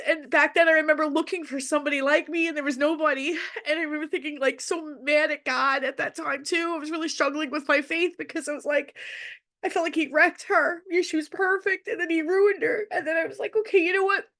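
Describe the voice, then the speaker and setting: A woman's voice: high voice, steady tone, a little fast, bright, forceful tone. A middle-aged woman hosting an online workshop for parents, speaking in a direct, heartfelt way with frequent restarts. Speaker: workshop presenter. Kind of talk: emotional webinar talk to parents. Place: hotel room.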